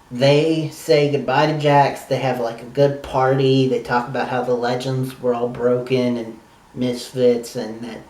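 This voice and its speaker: A man's voice: mid-range voice, roomy sound, recorded from a distance. A man casually recapping a TV episode for his channel, rambling and enthusiastic with lots of "like". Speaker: TV review vlogger.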